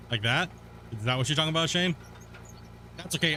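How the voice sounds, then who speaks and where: A man's voice: on the high side, brisk, pushed and bright, slight background noise. A young man casually chatting while he streams a game, laid-back and laughing at himself, cursing freely. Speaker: gaming streamer. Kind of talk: casual live-stream chat while playing.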